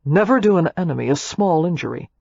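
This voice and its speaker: A woman's voice: deep voice, lively intonation, fast, creaky, a little mellow, slightly rough, dry recording, highs cut off, exaggerated voice. A woman narrator voicing an arrogant, ruthless young businessman who speaks in a superior, brusque way.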